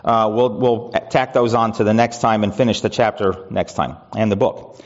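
A man's voice: fairly low pitch, steady tone, normal speed. A man preaching a conversational sermon as pastor, with rhetorical questions and frequent restarts. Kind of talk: expository sermon. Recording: dull sound with long reverb in a hall.

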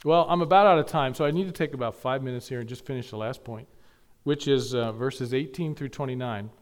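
A male pastor preaching a sermon, building to emphatic peaks and dropping to quiet asides. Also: medium pitch, a little fast.

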